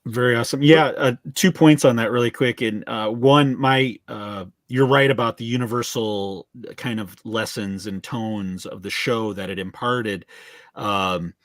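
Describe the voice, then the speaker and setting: A man's voice: mid-range voice, unhurried, no room sound, clean studio sound. A man hosting a podcast, chatting casually with a guest in a rambling way, full of fillers and agreeing noises. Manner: rambling, frequent fillers and affirmations. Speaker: podcast host. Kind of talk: casual interview chat.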